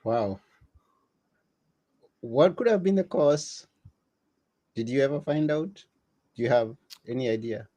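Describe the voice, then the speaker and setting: A man's voice: mid-range voice, expressive, measured pace, pauses often, dark tone. A man hosting an interview, asking curious questions with a few restarts. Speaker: interview host.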